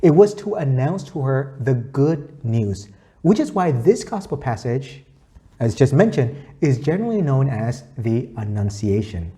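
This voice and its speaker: A man's voice: mid-range voice, very animated, a little slow, dark tone. A man giving a weekly gospel reflection, earnest and teacherly, quoting scripture and repeating his key points. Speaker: faith reflection speaker.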